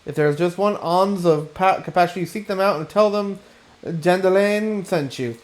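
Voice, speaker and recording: A man's voice: sits high, moderate pace, voice pushed up, natural voice. A man voicing a pompous, theatrical male aesthetician in a game, with a put-on French accent. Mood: melodramatic. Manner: mock French accent, grand and dramatic reading.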